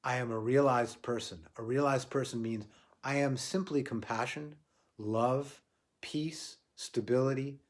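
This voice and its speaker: A man giving a reflective spiritual talk on a livestream, repeating phrases for emphasis and dropping to quiet, soft lines. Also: medium pitch, fairly even intonation, unhurried. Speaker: spiritual teacher.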